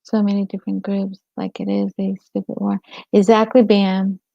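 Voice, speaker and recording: A woman's voice: medium pitch, flat delivery, normal speed, vocal fry, no echo. A woman hosting a casual livestream chat, rambling and answering viewers' comments by name. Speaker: livestream host. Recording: dull lo-fi stream audio.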